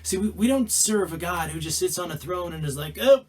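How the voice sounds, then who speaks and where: A male pastor preaching a sermon in an animated way, acting out scenes and restarting phrases mid-sentence. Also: high-pitched, brisk, slight background noise. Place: church.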